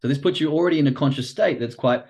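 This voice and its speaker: A man hosting a livestream, explaining trading psychology in casual, animated talk, acting out quoted reactions and swearing casually. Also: on the high side, rapid-fire. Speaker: podcast host and trading coach.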